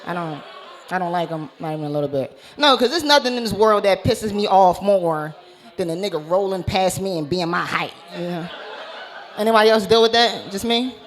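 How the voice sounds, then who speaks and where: A man's voice: high-pitched, animated, fairly quick, a bit bright. A man doing a brash, profane stand-up comedy set on a club stage, speaking into a handheld mic. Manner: brash, profane, punchline-driven delivery.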